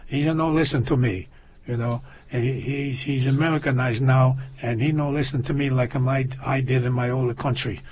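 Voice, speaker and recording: A fretful immigrant father with a thick foreign accent, as a man puts him on. He pleads in broken phrases, his husky voice jumping up when he gets worked up. The sound is muffled and lo-fi. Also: medium pitch, steady tone, normal speed, a little mellow, close to an everyday voice. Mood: pleading. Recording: lo-fi muffled audio.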